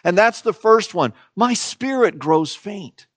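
A man with a fairly high voice preaches a sermon at an unhurried pace, earnest and emphatic. He lets key phrases hang in slow, dramatic pauses. The sound is close and dry, with no room echo. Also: animated, fairly bright tone. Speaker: pastor.

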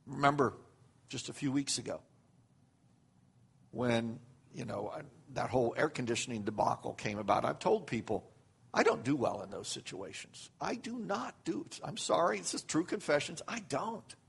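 A man's voice: medium pitch, lively intonation, normal speed, gravelly, slightly rough. An older man preaching a sermon as pastor, acting out quoted prayers with rising emphasis.

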